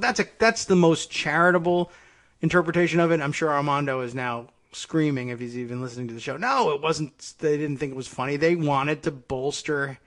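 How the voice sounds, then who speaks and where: A man's voice: a little high, a little fast, fairly bright tone. A middle-aged man hosting a political commentary podcast, talking in a sarcastic, exasperated way. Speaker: host.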